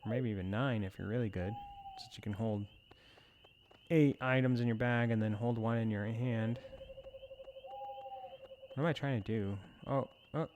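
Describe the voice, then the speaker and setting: A man's voice: mid-range voice, moderate pace, pauses often, highs cut off, noisy background. A man giving casual commentary as he plays a farming game, rambling with self-amused asides. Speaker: let's play host.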